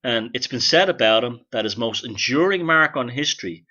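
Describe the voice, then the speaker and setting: A man's voice: medium pitch, lively intonation, normal speed, pushed and bright, muffled recording. A man hosting a solo podcast, rambling and sardonic, with casual swearing. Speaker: host.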